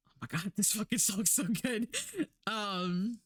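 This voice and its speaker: A woman's voice: mid-range voice, unhurried, slightly rough, dry recording, studio quality. Rambling, profane woman streamer. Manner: rambling, swears a lot, acts out quotes. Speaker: Twitch streamer. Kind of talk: casual stream chat.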